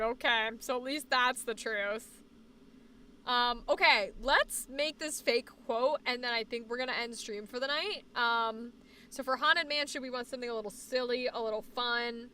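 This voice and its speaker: A woman's voice: a little high, slight background noise. A young woman from New England, with a faint Boston accent, hosting a casual livestream chat about where she likes to live. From New England (born in Boston, raised on the New Hampshire border). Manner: chatty and animated, fast bursts, trails off into fillers. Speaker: livestream host. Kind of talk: casual chat reading viewer comments.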